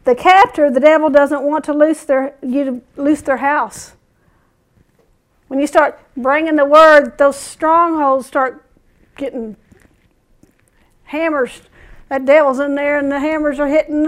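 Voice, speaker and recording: High-voiced woman preaching a sermon. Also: unhurried. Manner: animated storytelling, chuckling.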